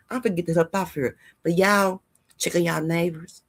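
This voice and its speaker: A woman's voice: on the low side, fairly even intonation, moderate pace. A woman hosting her channel in a casual vlog monologue, chatty and rambling as she talks straight to her viewers and hands out heartfelt life advice. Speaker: host of a gossip and news channel.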